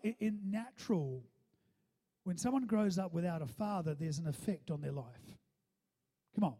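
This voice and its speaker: A man's voice: sits high, dark tone. A man preaching a sermon, often calling out to his listeners for agreement and repeating words as he goes. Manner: calls for audience response, repeats words. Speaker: pastor. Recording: hall with long reverb.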